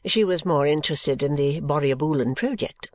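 Woman reader playing a placid, dismissive middle-aged mother, calm low tone, dry. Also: normal speed, no room sound. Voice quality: calm, serene, lower voice.

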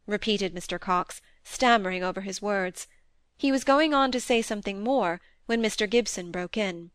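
A woman reading a classic novel aloud as an audiobook narrator, in a measured storytelling manner. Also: mid-range voice, fairly bright tone, dry recording. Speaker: audiobook reader. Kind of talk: scripted narration.

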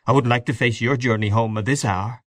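A man voicing an arch, teasing young woman, lifting his voice high for her. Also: fairly even intonation, fairly quick, dry recording, natural voice.

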